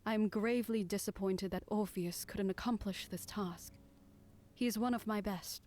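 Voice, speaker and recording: A woman voicing a gentle, motherly goddess in whispered role-play, hushed and soothing. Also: mid-range voice, normal speed, voice pushed up, lightly acted. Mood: persuasive.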